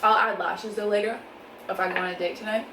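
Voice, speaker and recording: During an at-home mukbang, this young vlogger chats casually between bites and laughs frequently. Her voice is mid-range with fairly even intonation and a quick pace, recorded indoors in an echoey room with faint background noise.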